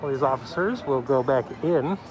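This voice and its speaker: A man from the Pacific Northwest giving rambling, casual live-stream commentary while filming a street protest on a handheld phone, often dropping to a low voice. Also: normal speed. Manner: chatty, rambling, often lowers his voice. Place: outdoors on a city street at a protest. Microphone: handheld phone camera. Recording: loud crowd noise around the speaker.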